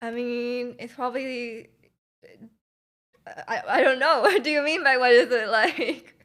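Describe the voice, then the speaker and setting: A woman's voice: a little high, unhurried, a bit bright. A woman streamer chatting casually with her livestream chat, giggling often and reacting to messages.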